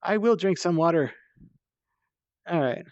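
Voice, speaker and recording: A man's voice: on the high side, animated, a little slow, a little mellow, dry recording. A man rambling casually while he plays in VR, chatty and self-deprecating, tired and thirsty from the climb, talking into a headset mic. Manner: chatty and self-deprecating, swears when strained. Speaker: VR streamer. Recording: dull, slightly lo-fi dry mic sound.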